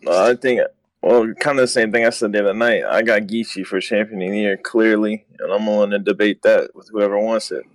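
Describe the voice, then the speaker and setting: A man calling into a podcast, speaking relaxed and matter-of-fact. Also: on the low side, brisk, no echo. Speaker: guest commentator. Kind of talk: casual debate call-in.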